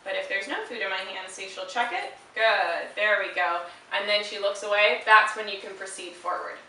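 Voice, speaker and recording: A woman dog trainer calmly explaining a handling exercise and stopping often to praise the dog in a high, chirpy voice. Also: normal speed. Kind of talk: instructional demonstration. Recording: very echoey room, mic far off, faint hiss.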